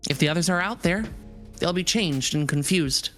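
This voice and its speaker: A woman's voice: fairly low pitch, moderate pace, a bit bright, faint music behind, close to an everyday voice. A woman voicing an earnest otherworldly being. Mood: resolved. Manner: earnest, formal and a little hesitant. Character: earnest, naive otherworldly being, calm and curious. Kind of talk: live reading of a visual novel.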